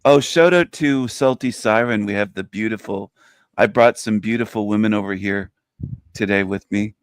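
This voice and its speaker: A man's voice: lowish voice, normal speed, no room sound. A man on a regular online panel, chatting casually and teasing the others with frequent laughs.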